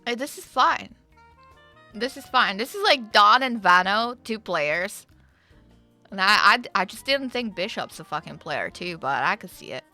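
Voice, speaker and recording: A woman's voice: mid-range voice, very animated, unhurried, pushed and bright, faint music behind. A woman chatting casually on her livestream, joking and teasing herself as she plays. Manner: chatty, jokey, self-deprecating. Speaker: streamer.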